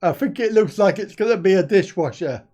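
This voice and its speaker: A man's voice: sits high, expressive, a little fast, mellow. An older man hosting a live stream, chatting casually, reading out viewer comments, swearing lightly and laughing often.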